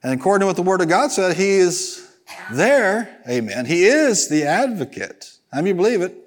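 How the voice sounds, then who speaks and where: A man pastor delivers a sermon in a fairly high voice. He tells stories with a chuckle and draws the congregation into call and response. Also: big pitch swings, fairly quick. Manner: calls for congregation responses, storytelling with laughter.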